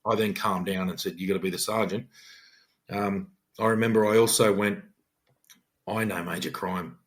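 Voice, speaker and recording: A man's voice: sits low, fairly even intonation, moderate pace. A middle-aged Australian police detective sergeant telling an emphatic, earnest story on a podcast, often acting out his own words.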